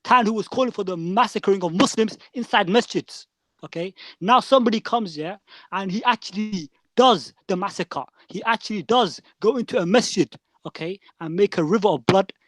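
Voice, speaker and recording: A man's voice: sits high, moderate pace, no echo. A man arguing his point as a guest in a heated live-stream debate, insistent and tagging his sentences. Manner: insistent, tags lines with "yeah" and "okay".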